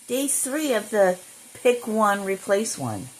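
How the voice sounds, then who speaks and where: Slow, blunt woman vlogging with lively pitch. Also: low-quality recording. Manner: blunt, swears freely, talks to herself. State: irritated. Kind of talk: casual vlog.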